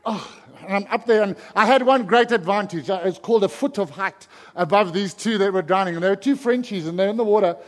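Animated man preaching in an echoing hall. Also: high voice, fairly quick, few pauses. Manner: animated storytelling, shouting in excited stretches. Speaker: pastor. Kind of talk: sermon. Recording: long hall reverb.

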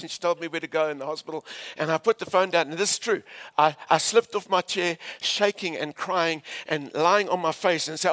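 A South African man in his fifties, a pastor telling a story in a sermon to a live church audience, animated and laughing along with them. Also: on the high side, a little fast, hardly any pauses.

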